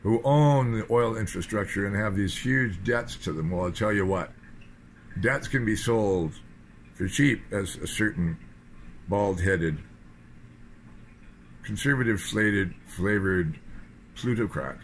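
Speaking slowly with long pauses, this British Columbia man's voice is fairly low, with a little hiss or hum in the recording. He's a political commentator, delivering a sardonic, rambling monologue in loose fragments.

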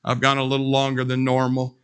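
A man's voice: mid-range voice, completely flat delivery, fairly quick, fairly bright tone, smooth. A man pastor preaching a sermon in a church, emphatic and drilling points with call-and-response. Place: church sanctuary.

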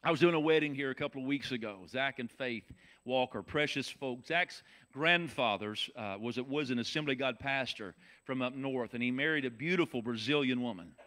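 A pastor with a Southern US accent preaches a folksy sermon, his voice dropping from loud shouts to soft, low talk.

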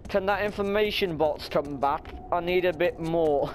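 A man's voice: on the high side, normal speed, slight background noise. A young man commenting on a horror game, muttering nervously to himself and breaking into sudden startled shrieks. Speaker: gaming channel host.

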